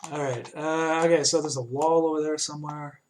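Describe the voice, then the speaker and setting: A man chatting casually while he animates on a live stream, halting often with fillers and restarts. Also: fairly high pitch, fairly even intonation, a little hiss or hum. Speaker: animator streaming his work.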